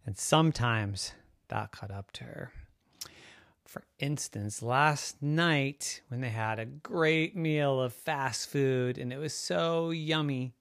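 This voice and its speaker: A storyteller narrating a children's story with a gentle, expressive delivery. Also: medium pitch, smooth, no echo, studio quality.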